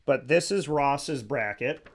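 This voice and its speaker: A man's voice: mid-range voice, lively intonation, slow. A man hosting a casual sports talk show, upbeat, chatty and sincere.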